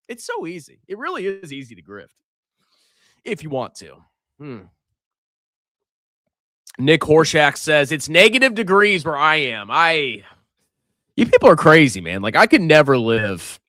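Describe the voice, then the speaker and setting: A man's voice: on the high side, bright, forceful tone, no echo, clean studio sound. A middle-aged man hosting a casual livestream, joking and sarcastic, with theatrical swings in his voice. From Virginia coast, USA. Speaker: livestream host.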